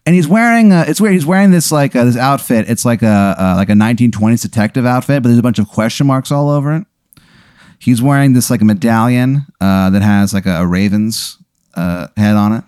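A man's voice: medium pitch, fairly quick, darkish tone, clear, resonant tone, dry recording, clean studio sound. A man running a tabletop game as game master, narrating scenes animatedly with crude humor.

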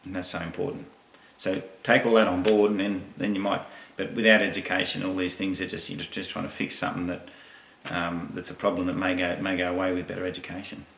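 A man who trains horses, giving a calm, rambling lesson with quoted asides. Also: low-pitched, a little fast, vocal fry, background noise. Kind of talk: instructional talk. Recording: echoey, distant mic.

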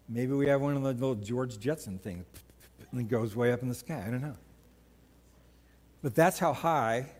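Chatty joking pastor in a reverberant hall. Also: male voice, medium pitch. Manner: conversational, joking, animated storytelling. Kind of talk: sermon. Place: church sanctuary.

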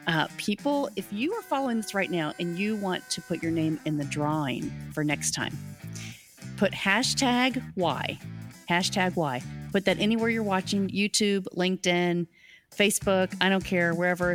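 A woman hosting a casual live stream on leadership, upbeat and enthusiastic and often laughing. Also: fairly low pitch.

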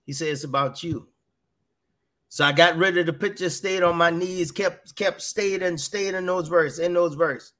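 A man's voice: high-pitched, steady tone, normal speed, few pauses, sharp tone. A middle-aged man earnestly telling a personal faith testimony, often repeating his words as he goes. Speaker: guest sharing a faith testimony.

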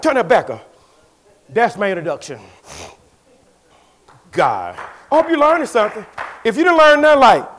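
A pastor preaching to his church in a high, animated voice. He swings from loud exclamations down to quiet, confiding asides, and his pitch leaps all over the place. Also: normal speed, long pauses. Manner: preaching with swings between shouts and hushed asides. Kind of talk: sermon.

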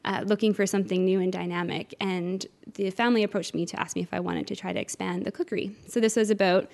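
A woman's voice: medium pitch, fairly even intonation, quick pace, gravelly. A middle-aged woman from Newfoundland, an interview guest who organizes cooking classes, talking in an eager, chatty way with frequent uhs. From Newfoundland, Canada. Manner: enthusiastic, warm, chatty with filler uhs. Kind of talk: conversational interview answers.

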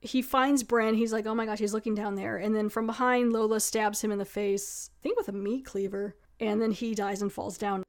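A woman's voice: mid-range voice, fairly even intonation, normal speed, hardly any pauses. A young adult woman casually recapping a horror film she has watched. She talks in a chatty way with lots of "like" fillers and wry asides. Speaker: movie reviewer.

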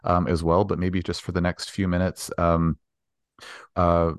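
Deep flat-voiced guy hosting a podcast, chill, lots of ums, dry mic. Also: unhurried, clean tone, no room sound. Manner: affirming, relaxed with fillers. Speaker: podcast host. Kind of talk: interview chat.

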